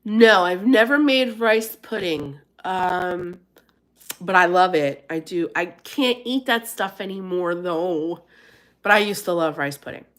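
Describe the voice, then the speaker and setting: A woman's voice: fairly low pitch, a little slow. A woman from Pennsylvania hosting a casual live chat, reading and answering viewer comments and laughing often. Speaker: live stream host.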